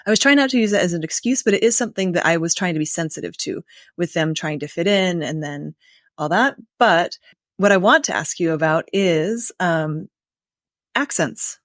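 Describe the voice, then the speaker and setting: A woman's voice: on the low side, no room sound, clean studio sound. An American woman from the United States hosting a podcast interview, conversational and thinking aloud. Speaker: podcast host.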